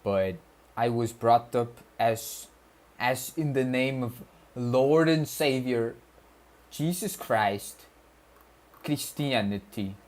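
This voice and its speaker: Putting on an Arabic-style accent on purpose, a streamer studying on stream talks loosely with viewers and reads their chat messages aloud. He uses slang, swears and stumbles often, and his mid-range voice is a little mellow.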